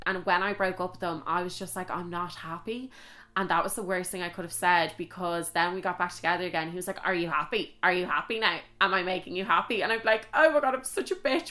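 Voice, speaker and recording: Chatty young Irish woman telling a story. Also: mid-range voice. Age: young adult. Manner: chatty, animated, swears, many "like" fillers. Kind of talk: casual storytime vlog.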